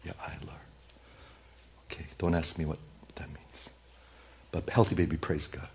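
A man preaching a sermon in a church, talking straight to the congregation and swinging from loud emphasis to hushed, near-whispered asides. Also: extremely low pitch, steady tone, moderate pace, slight background noise. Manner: conversational, speaks straight to the congregation with questions. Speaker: pastor.

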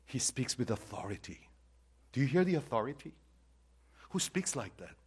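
An older man who first spoke preaches a sermon with a lively, swinging delivery. He drops to hushed near-whispers, then climbs to loud, forceful peaks. He keeps turning to the congregation with questions. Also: medium pitch, moderate pace, slightly rough. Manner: asks the congregation repeated questions. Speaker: pastor.

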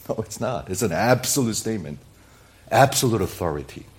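A male pastor delivers a sermon, piling up rhetorical questions and talking directly to his listeners, whom he calls "people." His intonation is lively and his pace a little fast, climbing to loud, emphatic peaks before falling to quiet, low endings.

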